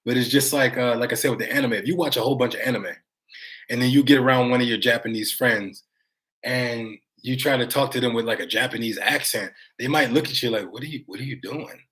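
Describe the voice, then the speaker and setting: A man's voice: mid-range voice, fairly quick, a bit bright. An American man vlogging live, chatting casually to his viewers in a rambling, conversational way, reading their comments aloud and swearing now and then. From United States.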